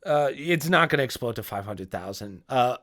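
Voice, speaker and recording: A man's voice: mid-range voice, expressive, moderate pace, a bit bright. A young man hosting a casual solo podcast, rambling and cursing, often restarting sentences and searching for words. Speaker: podcast host.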